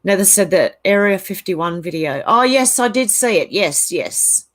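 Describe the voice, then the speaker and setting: A woman's voice: medium pitch, expressive, unhurried, fairly bright tone. An Australian woman hosting a casual livestream, reading viewer comments aloud and rambling through her reactions. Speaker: channel host.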